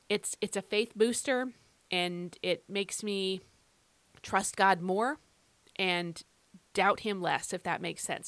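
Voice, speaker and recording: A woman's voice: medium pitch, fairly bright tone, no room sound. A woman hosting a devotional podcast, reading scripture and teaching in an earnest, emphatic, conversational way.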